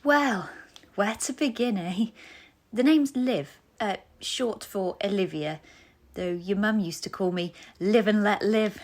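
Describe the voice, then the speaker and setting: A woman's voice: medium pitch, takes it slowly. A woman playing a chatty, jokey family friend leaving a phone message.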